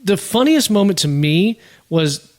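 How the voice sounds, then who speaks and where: A man's voice: high voice, very animated, measured pace. A man co-hosting a podcast, talking casually, hedging and trailing off mid-sentence as he asks questions. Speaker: podcast co-host. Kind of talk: casual chat.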